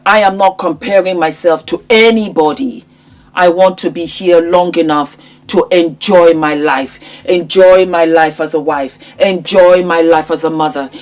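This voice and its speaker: A woman in her fifties talking straight to her viewers in a vlog, emphatic and fond of repeating her phrases for effect. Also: on the low side. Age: 50s. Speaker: lifestyle YouTuber. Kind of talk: direct-to-camera vlog chat.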